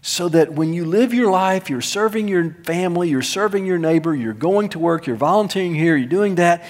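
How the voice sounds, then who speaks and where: A man preaching a sermon as pastor, emphatic, swinging between loud stressed words and soft low asides, with touches of self-deprecating humor. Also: normal speed. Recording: long hall reverb.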